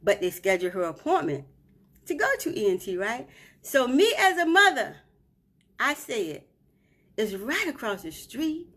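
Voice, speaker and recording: A woman's voice: on the high side, very animated, measured pace, pauses often, fairly bright tone. A grieving mother live streaming from a hotel room, retelling events emotionally and often checking in with "right?".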